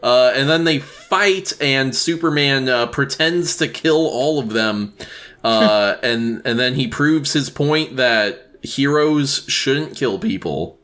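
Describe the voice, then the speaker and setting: A man's voice: mid-range voice, slow pace, a bit bright. A man co-hosting a casual movie-review podcast, blunt and argumentative, swearing freely. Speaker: podcast co-host.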